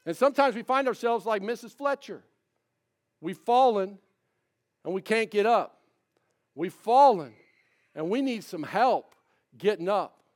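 High-voiced pastor preaching. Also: male voice, expressive, a little slow, pauses often, darkish tone. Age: 50s. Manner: folksy, conversational preaching with repeated refrains. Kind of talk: sermon.

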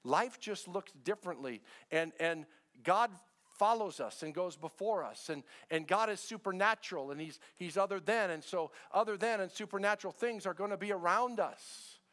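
A man's voice: high voice, expressive, normal speed, fairly bright tone. Man preaching a conversational sermon. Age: middle-aged. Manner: conversational preaching, repeats phrases, asks the congregation questions. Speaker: pastor. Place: church sanctuary with a congregation.

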